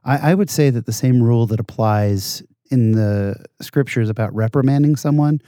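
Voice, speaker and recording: A man chatting as a guest in a dry, close-sounding room, his voice mellow and relaxed. He tells animated stories with a self-deprecating streak. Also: mid-range voice, moderate pace, no echo. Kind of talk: casual conversation.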